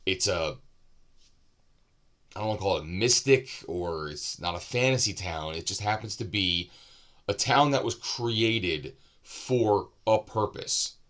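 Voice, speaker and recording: Casual male book reviewer, lowish voice, chatty and wandering, thinks aloud mid-sentence. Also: lively intonation, unhurried, fairly bright tone. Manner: loose and rambling, with asides and self-corrections.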